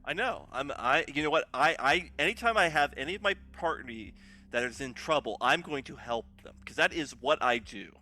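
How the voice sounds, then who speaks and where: Bright, lively man teasing his friends. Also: a little high, normal speed. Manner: playful, teasing, laughing. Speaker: player. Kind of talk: casual chat at a tabletop game. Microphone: video call.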